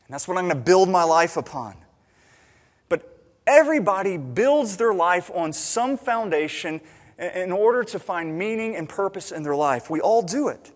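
A man preaching a sermon as a pastor, emphatic, swinging between loud urgency and quiet intimacy. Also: high voice, lively intonation, moderate pace. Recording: long hall reverb.

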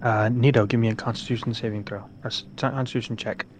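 A man running a tabletop game as game master, with slow, measured narration. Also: mid-range voice, steady tone. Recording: noisy recording.

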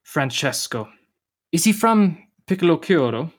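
A young actor playing a tired, gentle uncle in a radio drama, patient but quick to flare. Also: male voice, a little high, big pitch swings. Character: uncle Gio, weary, tender, short-tempered.

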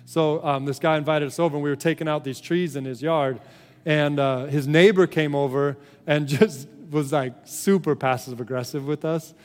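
A man in the pulpit, a pastor preaching a sermon with a fairly high voice that carries a long reverb through the hall. He talks in an earnest, conversational way, restarting his phrases often, and moves between emphatic peaks and quiet, low moments. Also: steady tone, normal speed.

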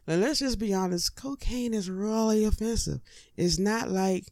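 A man giving joking dating advice in a casual comedic monologue, animated and profane, with streetwise slang and rhetorical asides to the listener. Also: fairly high pitch, dry recording, studio quality.

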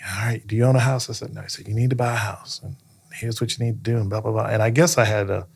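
A man's voice: fairly low pitch, fairly even intonation, quick pace, creaky, breathy edge. A man, a county manager being interviewed, answering in an earnest conversational way, telling stories and often checking in with "right?". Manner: earnest, storytelling, frequent "right?" check-ins.

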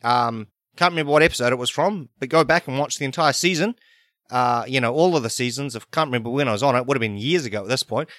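A man voicing a rambling Australian actor, telling absurd stories in a deadpan manner. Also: medium pitch, quick pace, natural voice. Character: rambling Australian actor posing as a podcast host.

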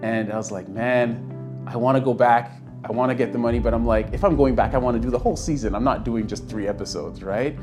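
Over background music, a young Canadian guest shares a story from his own life, impersonating the people in it as he quotes them. He talks fairly quickly in a mid-range voice, keeping it casual.

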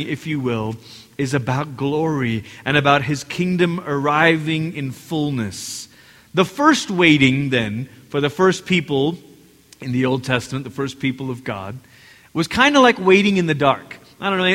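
High-voiced male pastor, animated sermon. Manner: animated, acts out quotes, addresses congregation directly. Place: large church hall. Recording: long hall reverb.

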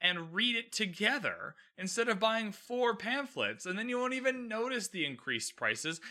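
Man, podcast host, casual recap chat, animated, bright and forceful tone, somewhat high voice. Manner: chatty, animated, self-deprecating with laughs.

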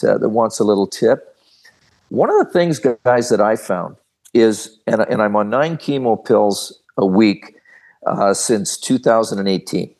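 Older male interview guest, somewhat low voice, animated folksy storyteller. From Canada. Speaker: guest, former hockey referee.

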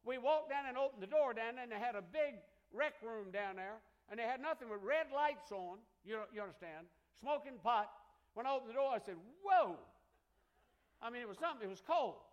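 A man's voice: very high-pitched, animated, fairly quick, muffled recording. An older man with a Southern accent preaching a sermon, telling stories and calling for amens from the congregation. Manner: storytelling preacher with call-and-response amens. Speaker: pastor.

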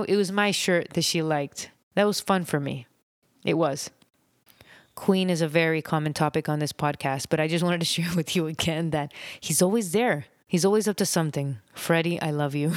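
A woman with a low voice hosts her own podcast in an unedited, reflective monologue. She rambles gently, with soft laughs and pauses. The sound is close and dry. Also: dry recording. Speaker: podcast host.

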